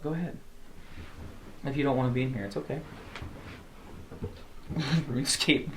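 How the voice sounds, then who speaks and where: A man in casual podcast chat, full of eager restarts and fillers. His voice sits at a middling pitch. The room around him has a roomy echo. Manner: enthusiastic, rambling with many restarts and fillers. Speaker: podcast co-host.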